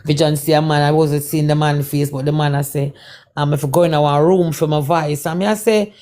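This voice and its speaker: A woman with a Jamaican accent and a somewhat low voice recounts a personal testimony as a guest. Her talk is laced with Patois, loops back on the same phrases, and acts out the exchanges she describes. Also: fairly even intonation, a little fast, dark tone. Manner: Patois-laced, repetitive retelling with quoted dialogue. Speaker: guest performer. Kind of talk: testimony storytelling.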